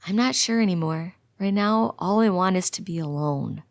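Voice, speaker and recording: A woman's voice: fairly low pitch, moderate pace, dry recording, clean studio sound, natural voice. A woman voicing a firm, fed-up man. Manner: firm, disgusted. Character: troubled man ending a relationship.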